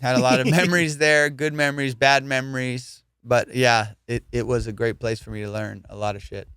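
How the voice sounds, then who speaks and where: Smooth-voiced man hosting a comedy podcast. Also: mid-range voice, fairly even intonation, a little fast, a bit bright, dry recording, clean studio sound. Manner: profane, storytelling, teasing. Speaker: podcast host. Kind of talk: casual comedy podcast chat.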